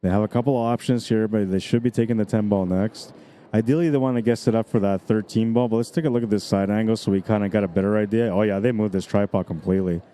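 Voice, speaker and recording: Brief: male pool commentator, low mellow voice, Canadian accent, explains shape and angles, gets excited. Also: fast talker. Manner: excitable, breaks into screams and laughs at exciting shots; explanatory, breaks down shot angles like a coach. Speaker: pool match commentator and streamer. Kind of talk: solo live-stream commentary.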